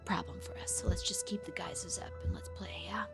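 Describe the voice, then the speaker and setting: A woman voicing a cool young male team player who talks low and half-whispered. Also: moderate pace, over music, natural voice. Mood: hushed.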